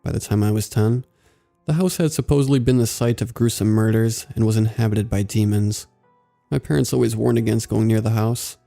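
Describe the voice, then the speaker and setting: Gravelly low-voiced man narrating horror. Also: brisk, soft background music. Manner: steady, somber storytelling.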